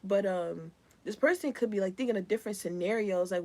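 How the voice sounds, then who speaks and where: A woman's voice: medium pitch, brisk, darkish tone. A young woman giving a live collective tarot reading in a casual, rambling, slangy way. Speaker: tarot reader.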